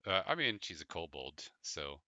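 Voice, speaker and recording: Very deep-voiced man running a tabletop game. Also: big pitch swings, moderate pace, bright, forceful tone, dry recording. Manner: hesitant, many fillers. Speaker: game master.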